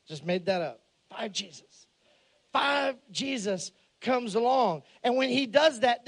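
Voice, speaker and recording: A man preaching a humorous storytelling sermon, animated and joking, shouting some lines for emphasis. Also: sits high. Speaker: pastor.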